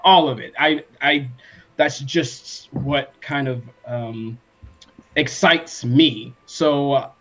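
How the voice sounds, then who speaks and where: A man with a mid-range voice, speaking with eager enthusiasm and rushing forward in bursts. His audio sounds muffled and lo-fi. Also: medium pitch. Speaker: panelist on a roleplay stream. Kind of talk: casual panel discussion. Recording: dull lo-fi audio.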